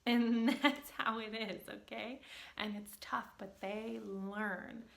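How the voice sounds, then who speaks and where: A woman's voice: fairly high pitch, steady tone, slow pace, vocal fry. A woman speech-language pathologist giving parenting tips in an upbeat, chatty way, often checking in with "okay?".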